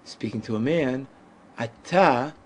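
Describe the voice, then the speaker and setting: A man teaching a Hebrew lesson, speaking deliberately and pausing to let learners answer. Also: mid-range voice, slightly rough. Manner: deliberate, drawn-out pronunciation with pauses. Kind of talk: slow, patient language lesson.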